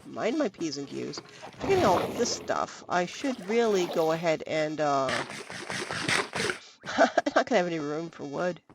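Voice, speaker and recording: A woman streamer talks through her game in a gravelly voice that swings up and down. She chats on casually and thinks aloud as she sorts her items. A loud background noise runs under the desk microphone. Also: deep voice, sing-song, moderate pace. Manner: chatty, thinking aloud while sorting items. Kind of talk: casual gameplay commentary.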